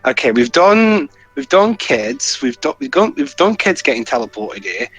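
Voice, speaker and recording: A man's voice: medium pitch, big pitch swings, moderate pace, fairly bright tone, breathy edge, faint music behind. A man in casual gaming chat, joking and rambling through theories.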